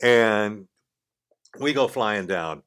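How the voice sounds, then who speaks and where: An older man, a guest in a radio studio, telling a casual story in a lively way and acting out the voices of the people in it. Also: on the low side, very slow, clean tone. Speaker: podcast guest.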